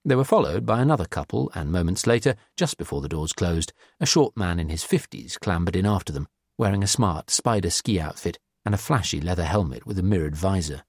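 A man narrates a novel in a low voice that moves lively up and down. His delivery is measured and descriptive. The recording is dry and close. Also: husky, no echo. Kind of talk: scripted audiobook narration.

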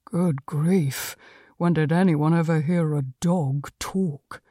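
A woman's voice: deep voice, steady tone, slow pace, warm tone, dry recording. A woman voicing a dry-witted male talking cat. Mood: droll. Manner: dry, droll, a bit grumpy.

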